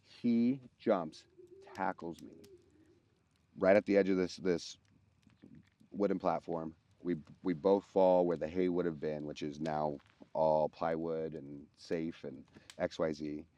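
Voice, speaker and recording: A man co-hosting a podcast, telling a personal story in casual chat, often halting and restarting mid-sentence. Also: low-pitched, steady tone, mellow, highs cut off.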